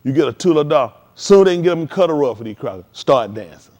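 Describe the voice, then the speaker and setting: Man, preacher, high voice, swooping lively delivery, slangy street talk. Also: fast talker. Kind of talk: live-streamed sermon.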